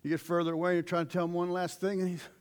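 Folksy preacher man, slightly high voice. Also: racing, clear, resonant tone. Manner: folksy, animated, with sudden shouted asides. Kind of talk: sermon.

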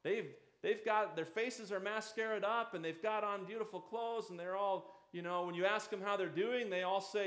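Pastor preaching in an echoey room. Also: male voice, high voice, moderate pace, few pauses, a bit bright. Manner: conversational preaching, acting out inner voices. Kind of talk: sermon.

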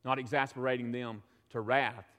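A man's voice: mid-range voice, fairly even intonation, normal speed, fairly bright tone, in a large hall. A middle-aged man with a Southern US accent, preaching a sermon with emphatic repetition and call-and-response asides from a church stage. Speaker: pastor.

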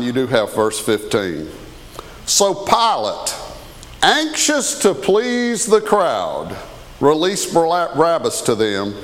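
A man, preaching a conversational sermon as a pastor and often asking the congregation questions. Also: fairly high pitch. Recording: long hall reverb.

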